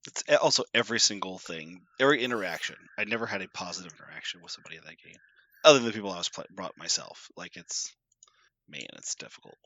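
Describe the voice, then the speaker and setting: Casting: male podcast co-host, low voice with a very bright edge, laid-back, trails off quietly. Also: lively intonation, quick pace, no room sound. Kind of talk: casual podcast chat.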